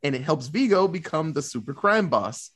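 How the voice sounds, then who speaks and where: A man with a somewhat high voice talks through a film's plot in a relaxed, casual way. He swears freely and keeps the story moving in a loose, chatty flow. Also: normal speed, breathy edge. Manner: loose, profane storytelling with acted-out quotes. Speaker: podcast co-host. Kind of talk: casual movie recap.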